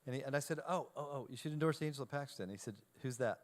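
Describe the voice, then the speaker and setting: A man of ordinary, mid-range pitch speaks to a live audience and tells a humorous story about himself. He acts out both sides of each exchange and pokes fun at his own nerves. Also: very fast. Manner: animated storyteller, self-deprecating, acts out dialogue. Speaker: keynote speaker.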